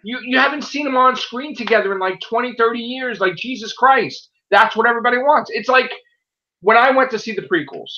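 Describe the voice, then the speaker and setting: A man hosting a casual chat show who rants in an animated way and swears a lot. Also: very high-pitched, brisk, lo-fi sound. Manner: animated, profane ranting. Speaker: podcast host.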